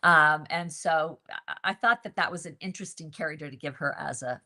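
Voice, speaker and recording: A woman hosting a book group interview, chatting casually and telling stories in an animated way, laughing often. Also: low voice, a little fast.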